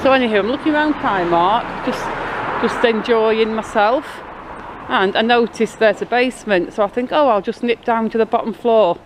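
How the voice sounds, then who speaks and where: This Blackpool woman's voice runs a bit high, moving at a moderate pace. She's out on a bustling town street filming a walking vlog on a handheld camera, its built-in mic catching both her rambling, casual story and the street noise around her.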